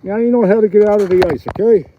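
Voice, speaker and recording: A man's voice: high-pitched, fairly even intonation, quick pace, dark tone, a little hiss or hum. A middle-aged man with a Philadelphia accent, chatting casually to viewers of his livestream while ice fishing outdoors, laughing often, recorded on a phone strapped to his chest. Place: outdoors on a frozen lake, windy. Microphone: phone mounted on his chest. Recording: dull, slightly lo-fi phone audio.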